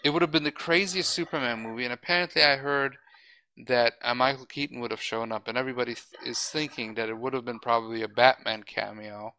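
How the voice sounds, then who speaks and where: A man's voice: mid-range voice, steady tone, fast, bright, forceful tone, clear, resonant tone, poor audio. A man hosting a podcast, chatting casually with strong opinions and a lot of restarts, and swearing now and then. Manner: rambling, opinionated, frequent restarts. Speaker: podcast host. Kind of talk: casual chat.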